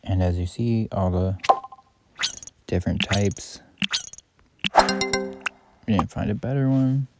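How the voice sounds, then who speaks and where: Low gravelly man narrating gameplay. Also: slow, pauses often, loud music behind the voice. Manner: rambling, self-correcting, offhand. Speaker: gaming YouTuber. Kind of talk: casual gameplay commentary. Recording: loud background noise.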